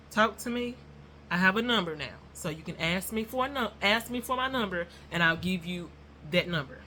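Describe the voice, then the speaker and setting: Bright-voiced chatty woman vlogger. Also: fairly low pitch, slight background noise. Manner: chatty, rambling, addresses viewers as y'all; self-described nervous and non-confrontational. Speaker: YouTuber. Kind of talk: casual storytelling vlog.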